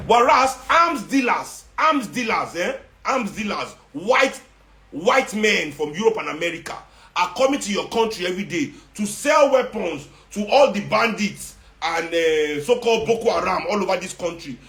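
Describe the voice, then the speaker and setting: A man's voice: sits high, animated, normal speed, creaky, a bit bright. A Nigerian man delivering an impassioned, confrontational monologue, sarcastic and repeating himself for emphasis, slipping into Nigerian Pidgin. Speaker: activist speaking to followers. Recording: roomy echo.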